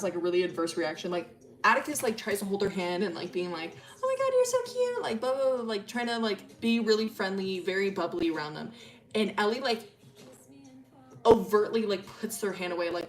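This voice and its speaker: Faint music plays behind a woman streamer whose voice sits in the mid range. She chats casually about her original characters, rambling through lots of fillers, cursing without restraint and laughing a lot.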